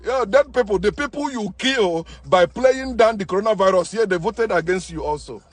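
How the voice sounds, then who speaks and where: High-voiced preachy man. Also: expressive, moderate pace, soft background music. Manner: forceful, preachy, repeats himself, stumbles and restarts. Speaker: online commentator. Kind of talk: impassioned monologue.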